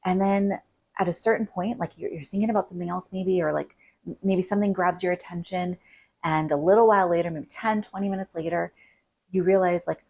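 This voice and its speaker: Here a woman couples therapist talks to camera in a fairly low, darkish voice, brisk and fairly even in intonation. She explains things casually, leaning on "like" and often ending with "right?", and the recording sounds rough.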